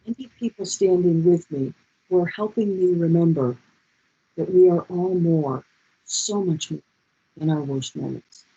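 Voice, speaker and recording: Husky passionate speaker on a lo-fi call. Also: medium pitch, unhurried, warm tone. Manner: passionate, repeats key phrases. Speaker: speaker leading a group session. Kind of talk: heartfelt motivational talk. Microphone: video call.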